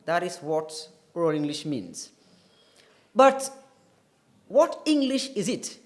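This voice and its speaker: A man's voice: high-pitched, big pitch swings, slow. A man teaching a televised English lesson, explaining carefully and spelling words out letter by letter. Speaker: English tutor.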